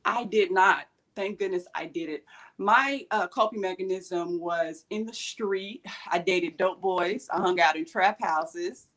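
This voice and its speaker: A woman's voice: on the low side, unhurried, a bit bright. A woman guest on a talk show, answering earnestly and directly about her life. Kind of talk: interview answers.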